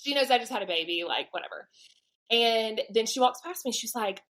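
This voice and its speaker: Southern woman in her 30s, podcast guest, animated storyteller who acts out quoted voices. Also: a little high, fairly quick, poor audio. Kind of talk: storytelling testimony.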